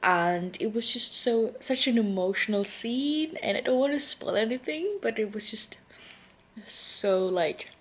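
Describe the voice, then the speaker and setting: A woman's voice: on the high side, animated, a little slow. A young adult woman talking casually in a reading vlog, gushing and dramatic about the books she reads. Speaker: book vlogger.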